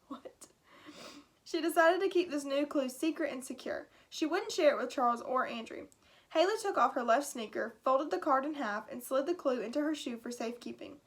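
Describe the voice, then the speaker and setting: A woman teacher reads a chapter book aloud to her class. Her voice is high, and she drops in chatty asides between passages. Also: a little fast, fairly bright tone.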